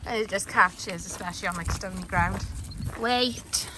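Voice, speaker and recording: A woman's voice: mid-range voice, normal speed. A woman chatting casually to a phone camera while walking her dogs outdoors, rambling with lots of fillers and stopping to talk to the dogs. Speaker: dog owner vlogger. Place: outdoors on a dog walk. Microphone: handheld phone camera. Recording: phone video outdoors with clear background noise.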